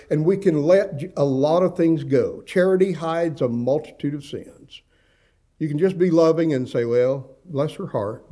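Middle-aged guy preaching, folksy and chatty, kinda high voice, warm mellow tone. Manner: folksy, conversational preaching with asides and humor. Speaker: pastor. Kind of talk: sermon.

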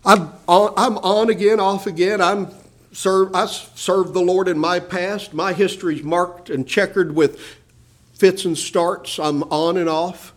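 A man preaching a sermon in a fairly high voice. He drops into hushed low phrases, then climbs to loud, rising emphasis. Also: fairly even intonation, measured pace. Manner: addresses listeners as "my beloved".

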